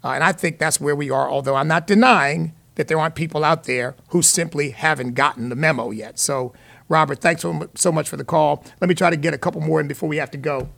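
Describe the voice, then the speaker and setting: A man's voice: fairly high pitch, fast, gravelly, fairly bright tone. A middle-aged man hosting a call-in radio talk show, speaking in an emphatic, preacherly, folksy way. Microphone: studio microphone.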